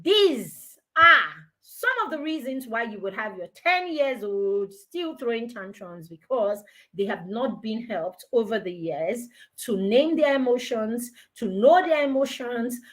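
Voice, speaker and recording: A woman giving a lively parenting talk, acting out parent and child dialogues as she goes. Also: a little high. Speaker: parenting mentor. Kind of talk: live online parenting talk.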